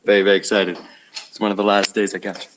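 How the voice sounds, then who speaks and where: A man's voice: on the low side, flat delivery, fast. A man talking casually on a group video call, rambling with lots of fillers and restarts. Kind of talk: casual off-the-cuff sharing. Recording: noisy video call audio.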